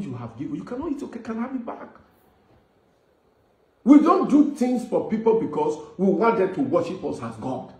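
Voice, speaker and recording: Pleading Nigerian man, echoey room. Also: on the high side. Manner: earnest and pleading, softening to gentle appeals. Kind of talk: pleading commentary.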